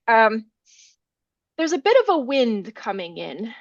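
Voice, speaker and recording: A woman's voice: fairly high pitch, big pitch swings, measured pace, dry recording, muffled recording. A woman scholar, a guest in an interview, retelling a folk tale with animation and acting out the characters' lines. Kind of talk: storytelling in an interview.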